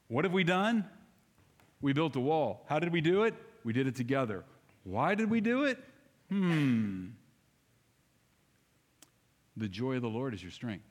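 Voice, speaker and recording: A man delivers a sermon from a church pulpit, his pitch sitting in an ordinary middle range. He talks straight to his congregation and fires off rhetorical questions. His voice rings out with a long reverb through the big sanctuary. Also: big pitch swings, unhurried, pauses often. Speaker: pastor.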